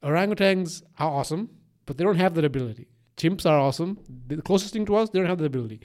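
A man co-hosting a podcast in casual chat, rambling and animated, swearing and laughing often, with a mixed accent that has a slight Eastern European tinge. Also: on the high side, quick pace. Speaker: podcast co-host.

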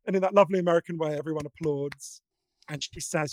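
Male guest, fairly high voice, earnest storyteller, dry close mic. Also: fast, no echo. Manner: earnest, animated storyteller with frequent restarts. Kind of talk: casual conversation.

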